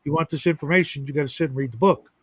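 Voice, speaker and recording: A livestream host chats casually, rambling through plenty of restarts and asides. His voice sits on the high side, husky, and he talks at a racing clip.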